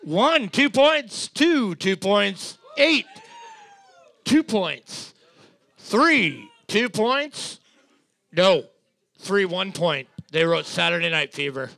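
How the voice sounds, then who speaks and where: High gravelly guy, slow and swingy, cussing while he reads trivia scores, bright dry sound. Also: very animated, dry recording. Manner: crude, joking, swears a lot. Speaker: trivia night co-host. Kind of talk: casual banter while scoring a music quiz.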